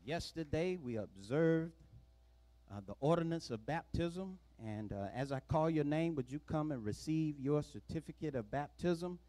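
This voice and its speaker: A man pastor making church announcements in a relaxed, folksy way, with the odd "uh" between phrases. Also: on the high side, measured pace.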